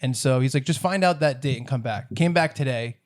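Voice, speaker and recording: A man's voice: mid-range voice, fairly quick. A man co-hosting a comedy podcast, telling a long story in casual chat, acting out both sides and laughing often. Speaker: podcast co-host.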